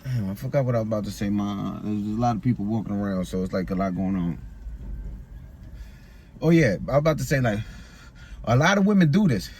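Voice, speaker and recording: A man's voice: fairly low pitch, lively intonation, fairly quick, long pauses, darkish tone, a little hiss or hum. A frustrated young man venting in a rambling monologue, repeating himself often, recorded outdoors in a busy public area.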